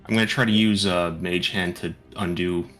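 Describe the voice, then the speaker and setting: Low-voiced man playing a tabletop game. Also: steady tone, moderate pace, a bit bright, faint music behind. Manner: thinking aloud, hesitant. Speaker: player.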